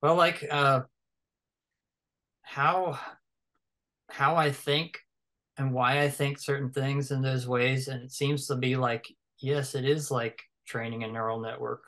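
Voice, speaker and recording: A man's voice: mid-range voice, flat delivery, takes it slowly, pauses often, a bit bright. A man talks in an easygoing conversation. He thinks aloud as he goes, full of fillers, restarts and loose asides. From American South. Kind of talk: casual conversation.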